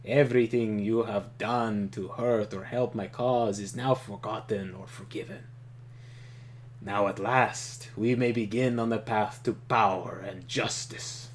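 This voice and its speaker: A man reading aloud the lines of a calm, powerful male leader in a fantasy computer game, in a measured and formal way. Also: lowish voice, natural voice.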